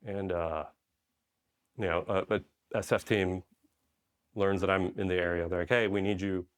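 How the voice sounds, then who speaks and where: A man's voice: low-pitched, steady tone, measured pace, clean tone. A middle-aged man from Poland, a former army medic, telling stories in a conversational interview style, often checking in with "right?". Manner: conversational, frequent "right?" and "you know" tags. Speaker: guest, army special forces medic. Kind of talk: interview storytelling.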